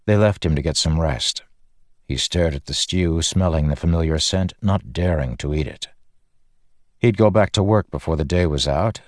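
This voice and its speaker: A man giving measured, scripted narration of a fantasy audiobook. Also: low-pitched, darkish tone, no room sound, studio quality.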